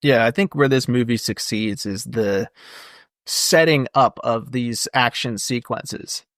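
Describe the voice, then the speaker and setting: A man co-hosting a podcast, chatting casually about a film in a relaxed way and calling his friend dude. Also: medium pitch, unhurried, no room sound, clean studio sound. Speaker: podcast co-host.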